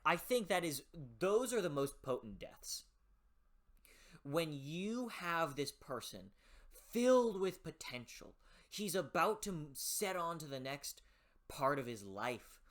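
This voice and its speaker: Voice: medium pitch, fairly bright tone. A book reviewer talking in a casual, passionate way, swearing freely and often restarting sentences while thinking aloud.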